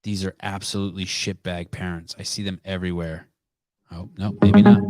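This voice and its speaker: A man's voice: low-pitched, fairly even intonation, normal speed, darkish tone, no echo. A man hosting a live call-in podcast, talking bluntly and profanely in a rambling, casual way. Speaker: podcast host taking calls. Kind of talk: live call-in show chat.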